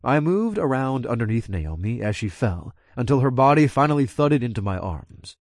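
A man's voice: medium pitch, very animated, moderate pace, no room sound, clean studio sound. Man narrating a casual audiobook. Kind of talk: first-person audiobook narration.

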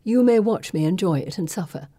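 A woman playing a dramatic young society lady in a storybook, trilling and playful. Her lines come higher and brighter than the narration, in a dry, close recording. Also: animated, fairly quick, no echo.

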